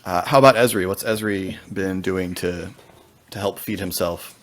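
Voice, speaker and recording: A man's voice: low-pitched, moderate pace. A man running a tabletop game as game master, wry as he asks the players questions.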